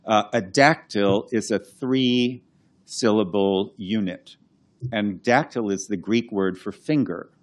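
A man with a slightly low voice speaks in a relaxed, lecturing way about his scholarly work. He pauses, restarts and thinks aloud, now and then sounding out verse beats. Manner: thoughtful, explanatory, halting restarts, chants verse rhythms. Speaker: classics scholar and translator. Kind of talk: conversational lecture.

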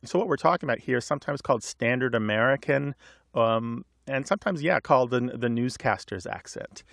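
Gravelly man explaining on radio. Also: medium pitch, lively intonation, a little fast, a bit bright, dry recording, studio quality. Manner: chatty, explains with asides and laughs. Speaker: co-host of a language call-in radio show. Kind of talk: casual radio chat and explanation.

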